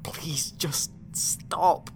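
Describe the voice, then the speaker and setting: An actor playing a shaken young male spaceship crew member who sounds distraught and defiant. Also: drawn-out words.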